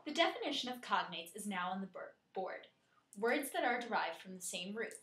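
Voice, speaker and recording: Bright-voiced woman teaching a lesson. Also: mid-range voice, roomy sound. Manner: clear, steady explanatory delivery, slowing to spell and pronounce words. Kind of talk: scripted lesson narration.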